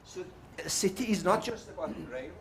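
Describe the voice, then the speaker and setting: An older South African man gives an impassioned speech on a summit panel, blunt and emphatic, going over his points again for force. He has a high voice and speaks a little fast.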